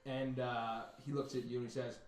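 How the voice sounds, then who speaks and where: A man narrating a tabletop game as game master, describing scenes with many pauses and fillers. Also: mid-range voice, level tone. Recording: roomy, distant mic.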